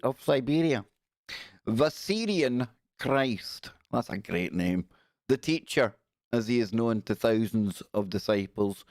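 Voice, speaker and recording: Reading news passages aloud and joking wryly, this livestream host keeps his commentary casual. His voice is mid-range. The sound has studio quality and no echo.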